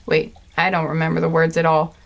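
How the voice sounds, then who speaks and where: Female card reader with an everyday mid-range voice, speaking slowly, gentle and rambling, thinking aloud. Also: mid-range voice. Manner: rambling, many fillers and restarts; gentle, earnest and chatty. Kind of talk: intuitive pick-a-card reading.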